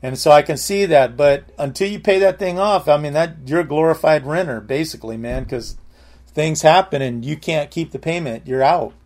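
A male pastor delivers a sermon in a relaxed, talky style, stumbling over restarts and dropping in amens. His voice sits a little higher than most men's. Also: normal speed. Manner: conversational preaching with frequent amens and restarts.

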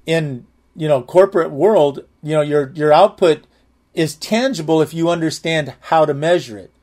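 A man's voice: a little high, moderate pace, a little mellow. A man sharing a personal testimony in a candid, earnest, conversational way.

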